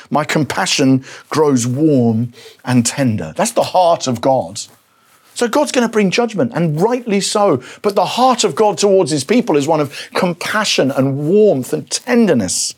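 A man preaching a sermon, animated, taking on the voice of God's words with rising intensity. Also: sits high. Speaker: pastor.

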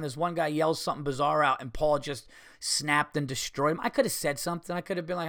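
Speaking fast with fairly even intonation, a comedian who hosts a podcast uses a slightly high, fairly bright voice. He animatedly tells a casual story full of swearing, voiced-out quotes, and sound effects, recorded in studio quality without echo.

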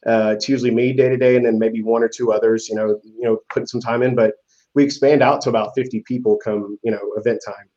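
A man's voice: mid-range voice, fairly even intonation, fast talker, dark tone, dull audio. A man being interviewed as a guest, talking in a laid-back way and laughing often. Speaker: event promoter guest. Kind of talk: casual interview chat.

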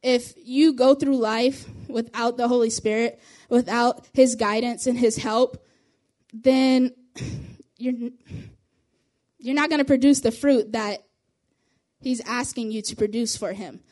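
A young woman leading a youth group chats quickly through a relaxed testimony, little laughs breaking up her phrases. She sounds a little high and a little mellow.

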